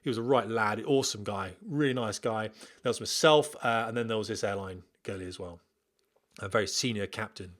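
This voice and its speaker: A man's voice: on the low side, fairly quick, a bit bright. A middle-aged man, hosting a podcast from home, chatting casually and reading a listener's email with rambling digressions. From Britain. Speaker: podcast host, former military pilot.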